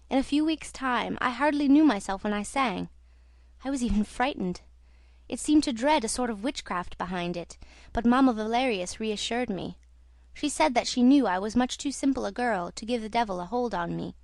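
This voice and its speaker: A devoted young female singer pours out her story, read by a woman in a storybook telling. The voice sits fairly high and soft, and the recording is dry and close. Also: dry recording. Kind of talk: audiobook reading.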